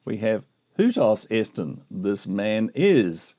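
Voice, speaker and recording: A man teaching a video lesson on Greek grammar, explaining with lively asides. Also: on the low side, slow pace. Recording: muffled lo-fi recording.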